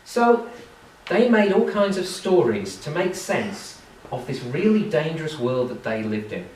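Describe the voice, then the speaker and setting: Lively British storyteller, man, expressive rising and falling voice, recorded from afar in an echoey hall with faint ambience. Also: fairly high pitch, a little slow, a little hiss or hum. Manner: animated, acts out the voices. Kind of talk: live storytelling performance. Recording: echoey live room from far off.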